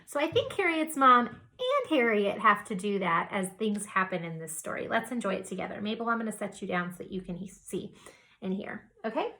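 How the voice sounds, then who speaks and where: A woman teacher reading a picture book aloud to young children, gentle and soothing with soft whispered asides. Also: mid-range voice, animated, normal speed.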